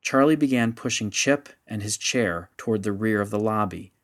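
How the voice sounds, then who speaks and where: A man narrating a story in a measured, steady audiobook style. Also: lowish voice.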